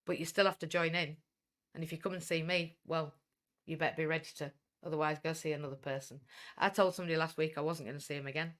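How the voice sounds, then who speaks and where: A woman's voice: sits low, steady tone, quick pace, fairly bright tone. A blunt, outspoken woman with a Welsh English accent who runs a coaching business, giving a livestream talk and swearing when she gets fired up.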